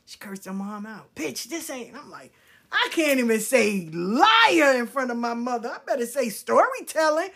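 Candid and foul-mouthed, this storyteller animatedly recounts her own experiences, dropping to whispered asides before bursting out loudly. Her voice runs somewhat high, at a moderate pace.

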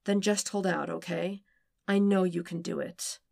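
A woman reading a podfic, voicing a dominant young man who murmurs softly and coaxingly. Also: fairly even intonation, unhurried, gravelly, no room sound, clean studio sound, exaggerated voice. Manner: soft, low, coaxing murmur.

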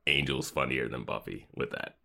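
A man's voice: very deep voice, moderate pace, vocal fry, bright, forceful tone. A man co-hosting a podcast in casual chat, laughing often as he talks. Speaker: podcast co-host.

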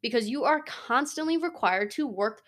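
A woman's voice: on the high side, animated, normal speed, fairly bright tone. A woman in her twenties talking through a solo podcast episode in a casual, earnest way, with lots of "like" and "you know". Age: 20s. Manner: earnest, chatty, heavy on fillers like "like" and "you know". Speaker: podcast host.

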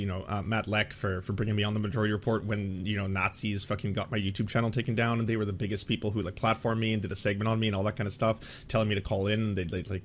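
Fast-talking, rambling man hosting a stream. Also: fairly low pitch, slight background noise. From Canada. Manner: rambling, profane, frequent restarts. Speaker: livestream host. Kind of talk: casual commentary.

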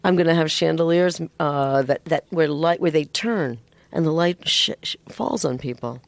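A man's voice: a little high, normal speed, gravelly, no echo. A male guest talking eagerly in a casual chat, keen to show and explain things. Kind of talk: casual conversation.

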